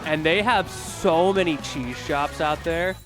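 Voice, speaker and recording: Higher-voiced male esports commentator, faint music. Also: slow. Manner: chatty, explanatory, talks to chat. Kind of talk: casual analytical commentary.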